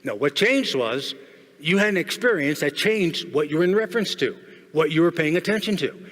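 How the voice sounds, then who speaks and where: A man's voice: on the high side, lively intonation, normal speed, fairly bright tone. A middle-aged man giving a keynote speech on stage, joking and firing questions at the audience. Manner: jokey, asks the audience questions. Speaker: keynote speaker. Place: large hall with audience. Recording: long hall reverb.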